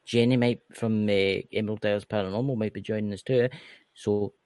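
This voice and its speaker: A man's voice: lowish voice, steady tone, fairly quick, a little mellow, dry recording. Joking Scottish man, dry close sound. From Scotland. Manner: joking, rambling, swears freely. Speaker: co-host. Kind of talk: casual podcast banter.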